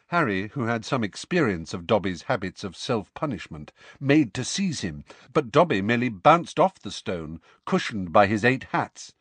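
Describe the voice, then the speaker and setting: A man narrating an audiobook in an expressive, measured storytelling manner. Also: mid-range voice, breathy edge, no room sound. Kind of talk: scripted narration.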